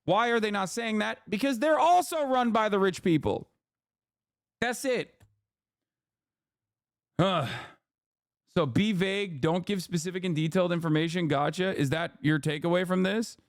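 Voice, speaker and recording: A man runs a live stream of political commentary, and his voice sits a little higher than most men's. He swears freely and repeats himself often, with a lot of "okay?" thrown in. The close mic catches him dry, with no echo. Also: normal speed, pauses often. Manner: profane, ranting, emphatic.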